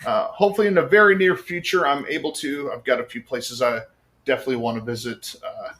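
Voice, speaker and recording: A man's voice: medium pitch, steady tone, quick pace, fairly bright tone. An American man chatting on a podcast, telling rambling stories with lots of fillers and casual swearing. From United States. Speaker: podcast guest.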